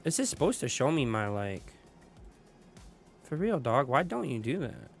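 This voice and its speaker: A man's voice: medium pitch, big pitch swings, moderate pace, vocal fry, soft background music. A young man hosting a casual livestream chat, laid-back and slangy, greeting viewers and laughing often. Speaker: streamer host.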